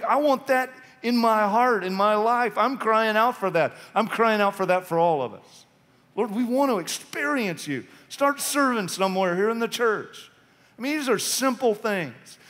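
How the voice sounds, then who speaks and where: High-voiced man preaching in a reverberant church. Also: fairly bright tone. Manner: impassioned, urgent exhortation. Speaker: pastor. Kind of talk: sermon. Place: church sanctuary. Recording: long reverb of a church hall.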